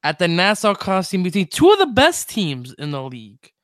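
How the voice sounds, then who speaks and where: A young man hosting a casual sports podcast, energetic and jokey, with quick stumbling restarts. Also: high voice, dry recording, studio quality. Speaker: podcast host.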